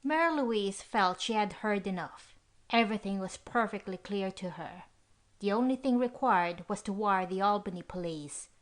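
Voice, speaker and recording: Audiobook narrator: woman, mid-pitched, steady storytelling read of a girls' mystery. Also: moderate pace. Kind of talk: scripted narration.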